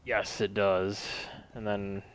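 Laid-back low-voiced man chatting. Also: slow, a little hiss or hum. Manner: relaxed, rambling, lots of fillers. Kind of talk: casual chat about video games.

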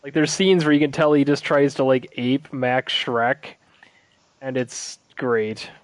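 A man's voice: medium pitch, steady tone, a little slow, no echo. A man chatting casually as a podcast co-host, rambling with lots of fillers and laughing as he tells stories. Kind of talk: casual chat.

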